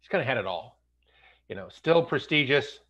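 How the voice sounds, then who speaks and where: 50s guy hosting a podcast, animated, jokey, bouncy voice, kinda muffled sound. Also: medium pitch, normal speed. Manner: animated, slips into jokey accent impressions. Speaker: podcast host. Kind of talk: casual chat.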